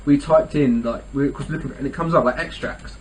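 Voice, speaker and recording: Fast-talking young man, rambling podcast chat. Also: medium pitch. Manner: rambling, heavy use of "like", laughs often. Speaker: podcast co-host. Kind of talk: casual chat. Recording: distant mic with faint ambient noise.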